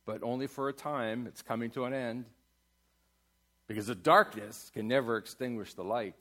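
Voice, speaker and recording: A man preaching a sermon in a church, asking his congregation questions and building to loud climaxes. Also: medium pitch, normal speed. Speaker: pastor. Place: church sanctuary.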